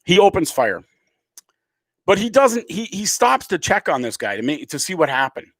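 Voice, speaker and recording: A middle-aged man from Canada, a comedian, delivers an angry, profane rant. His voice sits a little high for a man. The sound is dry and close, with no room around it. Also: very animated, normal speed, fairly bright tone, no echo. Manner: angry, emphatic, swearing freely. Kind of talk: profane political rant to camera.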